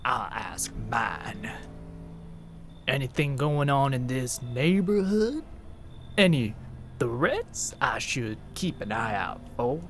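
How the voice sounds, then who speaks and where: An actor voicing a grim, suspicious male vigilante who purges monsters, talking in a gruff, interrogating manner that sometimes drops low and whispery. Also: a little hiss or hum.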